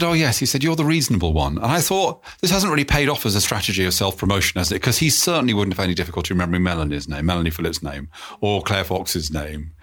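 Calm, low-voiced man musing aloud. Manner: calm, self-effacing, with frequent restarts. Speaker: interview guest. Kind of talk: reflective conversational storytelling.

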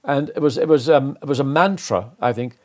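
A man's voice: medium pitch, fairly quick. Older man telling a racing story. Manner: animated, acts out quoted dialogue. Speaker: interview guest, former racing driver. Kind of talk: anecdotal storytelling.

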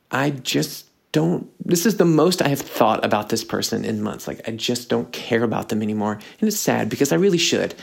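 A man's voice: medium pitch, gravelly. A young man hosting a casual solo podcast, rambling and aggrieved with many fillers and restarts, slightly sick. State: slightly sick, throat clearing. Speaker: podcast host.

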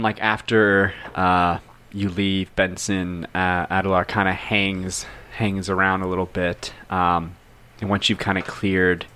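A man playing a tabletop game, calmly describing his character and speaking for him at length. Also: low voice. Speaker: player. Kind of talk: tabletop role-play.

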